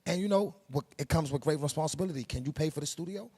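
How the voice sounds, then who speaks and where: Gravelly New York man, streetwise and preachy. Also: a little high, fast talker, a little mellow. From Harlem, New York. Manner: streetwise, preachy, emphatic with slang. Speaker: production company head. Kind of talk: interview, casual monologue.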